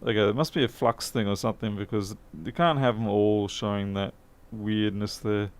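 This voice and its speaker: A man's voice: lowish voice, fairly even intonation, moderate pace, clear, resonant tone. A man talking casually to camera while repairing a laptop in his workshop, chatty and self-mocking, muttering as he works. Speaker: electronics repair technician. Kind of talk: casual workbench commentary.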